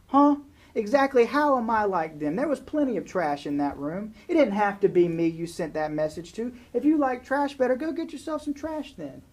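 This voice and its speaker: Guy putting on a shrill self-righteous old farm lady, loud and indignant, voice shoots way up. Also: normal speed.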